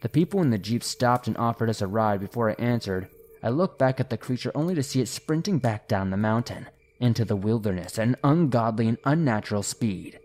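A man narrating listener-submitted horror stories, slowing and hushing his delivery at the tense moments. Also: medium pitch, lively intonation.

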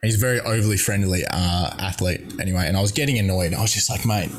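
A man's voice: low-pitched, fast talker. A young Australian man, a guest athlete, telling rambling, cheeky stories in casual chat. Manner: cheeky, rambling, lots of fillers.

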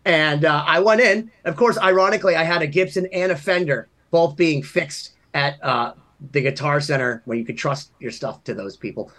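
A man in his thirties co-hosts a casual podcast chat. His voice sits a little high, and he tells long stories animatedly, rising loud and dropping quiet as he goes. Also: normal speed. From Massachusetts. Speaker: podcast co-host.

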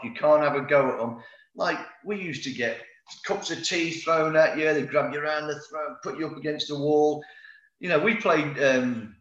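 A man's voice: medium pitch, fairly bright tone. Middle-aged guy, ex-player rambling thru old stories, roomy dull-ish recording. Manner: rambling anecdotes, many fillers and restarts. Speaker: former footballer guest. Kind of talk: casual interview storytelling. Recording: roomy, slightly dull sound.

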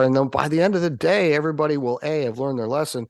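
A man from the United States, a podcast guest, telling animated, wry anecdotes in an interview. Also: a little high, fast, gravelly, no echo, studio quality.

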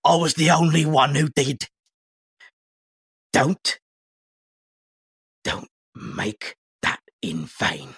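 A man voicing a stern, tearful older woman mentor who speaks slowly and reproachfully in a husky, creaky voice, with a cough. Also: a little high, big pitch swings, a bit bright, no echo, clean studio sound, heavily acted. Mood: pleading. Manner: slow, weary, reproachful.

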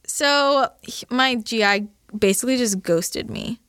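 Young woman guest, a touch high-pitched, animated storyteller who swears freely and acts out her quotes; dry, close recording. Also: a little slow, clear, resonant tone, dry recording. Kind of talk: casual podcast chat.

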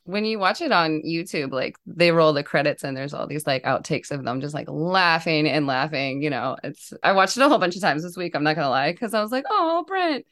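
A woman co-hosting a fan podcast, telling stories in a casual, animated way with frequent laughter. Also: sits low, a little fast, hardly any pauses. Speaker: podcast co-host. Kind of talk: casual chat.

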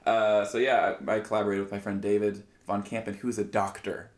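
A man's voice: on the low side, level tone, brisk, roomy sound. A man from Nebraska chatting as a comedian guest, easygoing and self-mocking. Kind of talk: casual chat.

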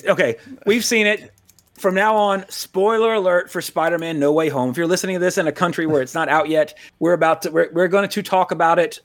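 Rambling, animated male podcast host. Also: a little high. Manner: rambling, animated, swears freely. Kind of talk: casual podcast chat.

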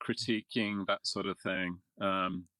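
A middle-aged man from England talks about his voiceover work in a low, easy voice. He is self-deprecating, laughs often and fills pauses with ums. The sound is dry and close, with no room around it. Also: flat delivery, pushed and bright, no echo. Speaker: voiceover artist, guest. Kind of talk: casual interview talk.

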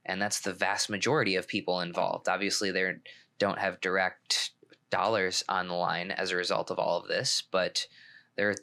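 A man with a fairly low voice co-hosts a podcast and chats casually about pickleball. He talks loosely and rambles, often restarting his sentences before settling on a point. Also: moderate pace. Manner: relaxed, rambling with frequent restarts. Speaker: podcast co-host, pro pickleball player.

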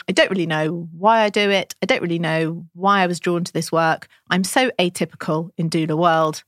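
A woman who works as a doula chats casually on a podcast, her fairly low voice captured in a clean studio with no room sound. She tells a story animatedly, acting out what others said to her.

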